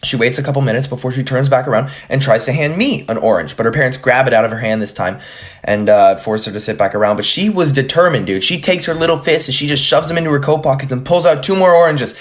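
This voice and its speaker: A man's voice: medium pitch, fast talker. A man telling a funny anecdote in an easygoing, amused way. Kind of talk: casual anecdote.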